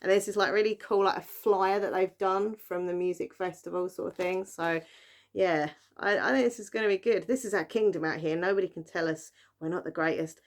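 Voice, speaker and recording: A woman's voice: on the low side, fairly quick. A young woman chatting casually about books she bought, rambling with plenty of fillers. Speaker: book vlogger. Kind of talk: casual book haul chat.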